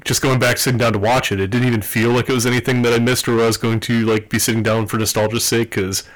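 A man's voice: mid-range voice, level tone, fast talker, rough recording. A man co-hosting a podcast in easygoing, agreeable casual chat. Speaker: podcast co-host.

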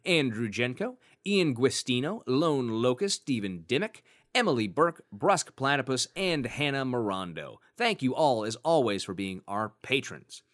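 A man's voice: medium pitch, big pitch swings, moderate pace, hardly any pauses, a bit bright. A man co-hosting a podcast in a casual, joking chat, thinking aloud with fillers as he goes. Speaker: podcast co-host.

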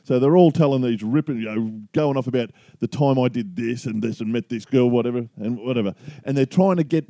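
A man's voice: medium pitch, brisk, hardly any pauses, warm tone, no room sound. Easygoing Australian man telling yarns. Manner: easygoing storyteller spinning a yarn. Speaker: podcast co-host. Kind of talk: casual chat.

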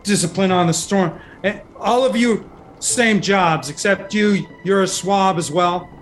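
Man playing a strict woman sea captain, high voice, clipped barked orders. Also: unhurried, a little hiss or hum. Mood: stern. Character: stern harsh female ship captain.

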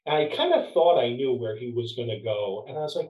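A man who works as a leadership trainer, chatting as a podcast guest and telling workplace stories in a warm, storytelling way. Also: medium pitch, big pitch swings, fairly quick, hardly any pauses, far from the mic. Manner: storytelling, warm, restarts words. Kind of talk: casual podcast chat. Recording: roomy, off-mic sound.

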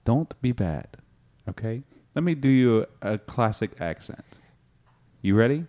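A man playing a mock improv teacher in a comedy sketch, talking in a deadpan, instructive way. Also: mid-range voice, measured pace.

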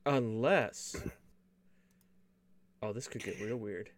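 A man's voice: lowish voice, slow, no echo. A man co-hosting a gaming podcast in casual, joking chat, rambling and full of puns. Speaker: podcast co-host running the stream.

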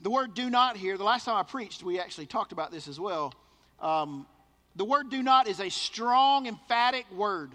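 Emphatic high-voiced male preacher in a hall. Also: animated, normal speed, sharp tone. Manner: emphatic, repeats words for stress. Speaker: pastor. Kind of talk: sermon.

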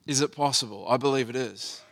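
A man's voice: mid-range voice, brisk, a bit bright. A man in his thirties, a pastor, preaching a sermon by telling a personal family story in a conversational, earnest way.

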